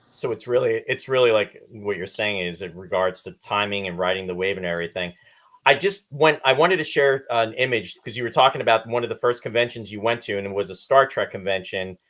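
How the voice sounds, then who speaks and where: A man's voice: fairly low pitch, a little fast, a bit bright. A man hosting an online interview show, chatting casually and reading out viewer comments. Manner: conversational, reads out viewer comments. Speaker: host.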